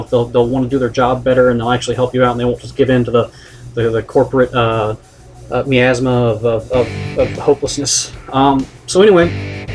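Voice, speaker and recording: A man ranting on a vlog, exasperated and profane, rambling with many restarts. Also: mid-range voice. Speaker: vlogger. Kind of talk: comedic rant vlog.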